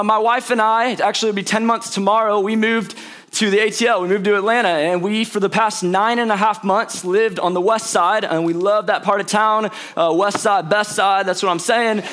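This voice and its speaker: A man's voice: high-pitched, bright, forceful tone. A young man from St. Louis, a pastor preaching a sermon with chatty storytelling and playful asides to the congregation. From St. Louis, Missouri. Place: church auditorium before a congregation.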